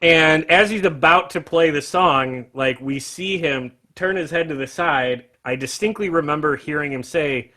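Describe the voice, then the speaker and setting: Guy hosting a music livestream, bright voice, pitched a bit high, chatty, laughs a lot. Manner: animated, laughs often, quick restarts. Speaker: host. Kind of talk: casual livestream chat.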